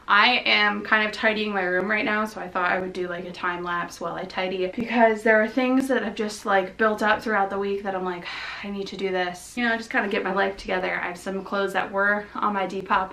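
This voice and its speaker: A young woman vlogging casually at home, bubbly, often switching to high baby talk with her dogs. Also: bright, forceful tone. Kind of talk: casual vlog chat. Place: home, indoors and out in the snow.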